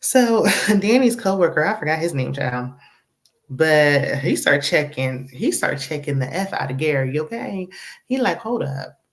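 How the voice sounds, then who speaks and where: A woman hosting a casual TV episode recap, sassy and animated, acting out the characters' lines. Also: deep voice, unhurried. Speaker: TV recap host.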